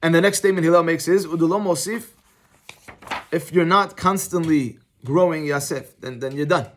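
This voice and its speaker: High-voiced rabbi telling stories. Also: male voice, moderate pace, slight background noise. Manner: conversational, storytelling, animated. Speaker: rabbi teaching a class. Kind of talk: informal Torah class with personal anecdotes.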